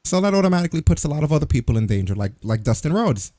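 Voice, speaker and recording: A man's voice: on the high side, big pitch swings, racing, mellow, dry recording, studio quality. A man co-hosting a wrestling news podcast in casual chat, ranting sarcastically with plenty of swearing. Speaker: podcast co-host.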